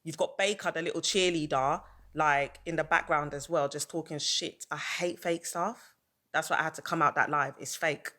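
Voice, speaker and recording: A woman's voice: low voice, fairly even intonation, normal speed, sharp tone. A woman ranting on a livestream, heated and repetitive, hammering her points over and over. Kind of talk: livestream rant.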